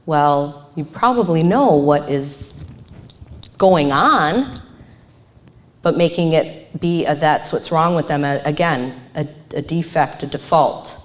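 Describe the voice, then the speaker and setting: A woman's voice: fairly low pitch, measured pace, a little hiss or hum. A woman counselor giving a live presentation, acting out the phrases she quotes. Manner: animated, acts out quoted phrases. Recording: echoey room.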